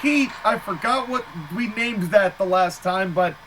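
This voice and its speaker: A man calling a match play-by-play in casual style, excitable, laughing easily and exclaiming at big moves. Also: high-pitched, measured pace, a little hiss or hum, poor audio. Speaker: play-by-play commentator.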